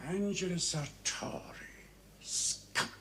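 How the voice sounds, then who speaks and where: A man's voice: high voice, slow pace, vocal fry, bright, forceful tone, slight background noise, exaggerated voice. An actor playing a worried Swiss village cafe owner and father with a Swiss accent, earnest and pleading in a 1970s TV crime drama. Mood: anxious. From Switzerland.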